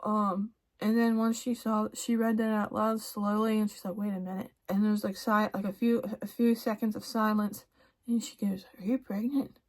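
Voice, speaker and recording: A young woman vlogger chatting casually while she gets ready, rambling with many restarts and soft laughs. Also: medium pitch, flat delivery, moderate pace. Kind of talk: casual get-ready-with-me chat.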